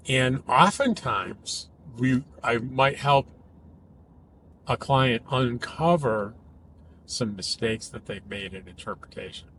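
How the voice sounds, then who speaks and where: Explaining ideas thoughtfully and at a measured pace, a male cognitive behavioral therapist speaks casually with emphatic rises. His voice sits in the mid-range with a fairly bright tone, over poor audio with a little hiss or hum.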